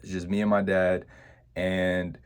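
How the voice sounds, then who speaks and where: A man's voice: deep voice, level tone, unhurried, clear, resonant tone. A young man telling a personal childhood story to his viewers, reflective and full of "you know" fillers and restarts. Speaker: vlogger.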